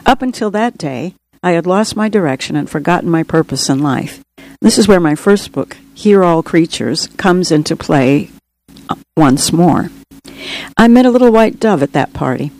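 A woman's voice: lowish voice, animated, moderate pace, darkish tone, poor audio. A woman author reading her own book aloud in an earnest, reflective first-person storytelling manner. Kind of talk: audiobook reading.

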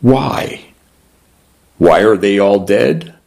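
A man's voice: fairly low pitch, lively intonation, extremely slow, gravelly, a little mellow, exaggerated voice. A man voicing a grave, curious eight-year-old girl who asks blunt questions in a storybook reading.

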